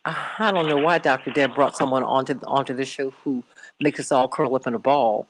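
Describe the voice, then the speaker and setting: A woman's voice: rumbling low, normal speed, slight background noise, low-quality recording. A woman hosting a radio talk show, chatting animatedly, laughing often and mimicking voices when she quotes people. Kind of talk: casual talk radio chat.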